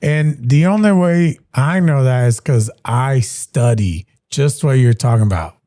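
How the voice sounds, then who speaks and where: A man hosts a casual business interview in an easygoing, agreeable tone. His voice is dark and mellow, and the sound is dry and close with no room echo. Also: mid-range voice, a little slow. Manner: relaxed, agreeable, backs the guest with short replies. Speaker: podcast host.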